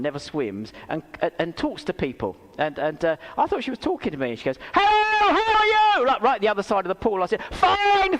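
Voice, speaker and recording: Animated, high-voiced preacher in echoing hall. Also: male voice. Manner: animated storytelling with rhetorical questions; self-deprecating humour. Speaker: pastor. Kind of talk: sermon. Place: church hall. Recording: reverberant church hall.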